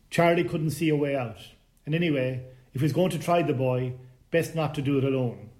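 A man narrating a short story in a calm, measured reading voice. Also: fairly high pitch. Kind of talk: scripted narration.

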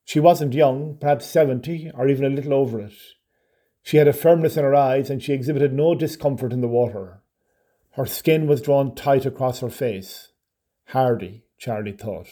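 Mellow man reading a short story. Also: mid-range voice, moderate pace. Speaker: narrator. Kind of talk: scripted narration of a short story.

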